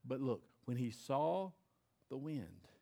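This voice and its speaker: A male pastor preaching a sermon on a stage mic, swinging between loud emphatic bursts and quiet, intense lines. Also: medium pitch, sing-song, slow pace, creaky.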